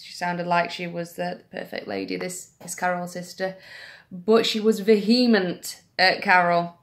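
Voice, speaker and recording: A woman's voice: fairly low pitch, flat delivery, a little slow, fairly bright tone. A young woman vlogging, telling an anecdote in a chatty, self-deprecating way. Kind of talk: casual storytelling to camera.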